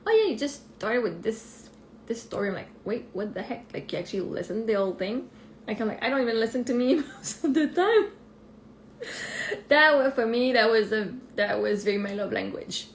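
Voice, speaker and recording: A woman with a Québécois French accent, talking through a live podcast monologue, animated, laughing often and swearing freely. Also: a little high, brisk. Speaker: life coach podcast host. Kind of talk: live-streamed personal monologue. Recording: echoey room with faint ambient noise.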